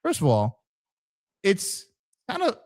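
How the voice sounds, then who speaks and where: A man's voice: sits high, wildly swooping pitch, slow pace, a little mellow. A man hosting a podcast in casual conversation, telling stories with animation and acting out the voices of people he quotes. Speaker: podcast host, former police officer.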